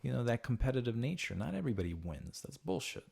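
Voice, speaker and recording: Gravelly-voiced man hosting a casual podcast. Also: mid-range voice, fast. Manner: profane, animated, acts out quoted voices. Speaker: podcast host.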